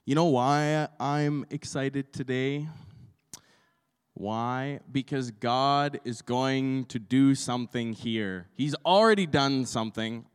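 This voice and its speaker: A man's voice: mid-range voice, clean tone, no room sound, studio quality, long reverb tail. A man preaching a sermon as pastor, telling a story with energy and asking the congregation questions.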